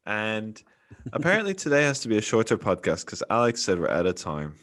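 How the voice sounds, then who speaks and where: A man's voice: fairly low pitch, wildly swooping pitch, moderate pace, a bit bright. A man hosting a casual football podcast, chatty and laughing often. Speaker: podcast host. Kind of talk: casual chat.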